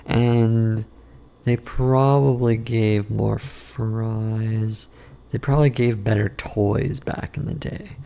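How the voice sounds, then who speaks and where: A man casually rambling through a food review and a story from his day, unhurried and often correcting himself. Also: lowish voice, fairly even intonation, vocal fry, mellow. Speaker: vlogger.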